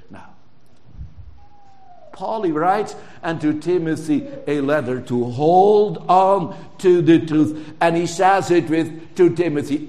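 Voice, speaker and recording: Guy preaching a sermon, kinda high voice, slow, leans hard on words. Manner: emphatic, drawn-out preaching with sudden loud stresses. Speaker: pastor.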